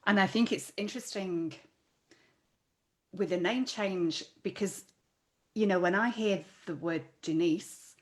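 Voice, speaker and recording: A woman's voice: mid-range voice, a little slow, pauses often. A woman hosting an online conversation, musing thoughtfully aloud over a video call. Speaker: host.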